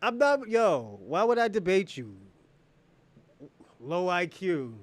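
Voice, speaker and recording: High-voiced man taunting his livestream viewers. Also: big pitch swings, slow pace. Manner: mocking and taunting, laughs often, heavy profanity. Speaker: livestream host. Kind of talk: casual livestream banter with viewers.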